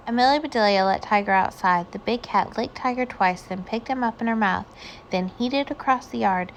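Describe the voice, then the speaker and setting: A woman reading a children's picture book aloud, with gentle storytelling. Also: on the high side, normal speed, slight background noise. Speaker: reader.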